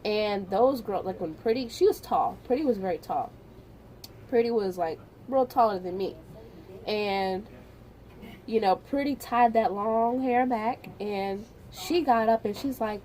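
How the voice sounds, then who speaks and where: Woman vlogger, casual storytime, chatty and animated, mid-range voice. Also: mid-range voice, a little slow, a little hiss or hum. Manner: animated, chatty retelling with repeats.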